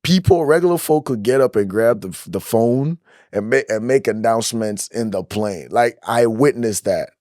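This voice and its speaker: Podcast guy from ghana, storytelling, slangy and lively, dry close mic. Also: mid-range voice, moderate pace, no echo. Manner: animated storyteller, slangy, acts out quotes. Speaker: podcast host. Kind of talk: casual chat.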